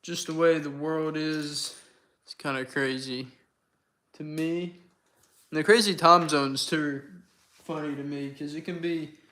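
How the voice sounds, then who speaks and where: A man's voice: on the high side, a bit bright. Chatty young man hosting a livestream. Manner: chatty, reads out and answers viewer comments. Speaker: livestream host. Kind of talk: casual livestream chat with viewers.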